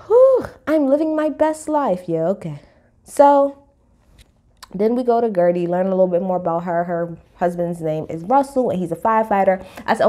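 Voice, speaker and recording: A woman, giving a casual, sassy reality TV recap full of animated commentary. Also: mid-range voice, moderate pace. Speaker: TV recap host.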